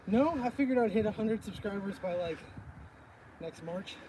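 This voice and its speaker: A man's voice: high-pitched, expressive, moderate pace, a crowd in the background, low-quality recording. A friendly, easygoing man talking casually outdoors. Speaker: fisherman and new channel owner. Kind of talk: casual conversation.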